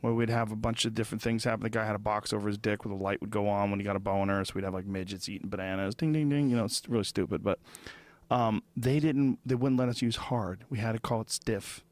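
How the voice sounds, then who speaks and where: A man's voice: lowish voice, steady tone, fast talker, darkish tone, no echo. A man hosting a podcast, telling stories in a blunt, profane way in casual chat. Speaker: podcast host and comedian.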